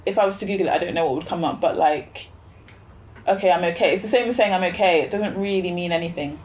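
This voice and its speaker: A woman's voice: on the low side, rapid-fire, darkish tone. A woman as a podcast guest in casual chat, reflective, thinking aloud with fillers and rhetorical questions.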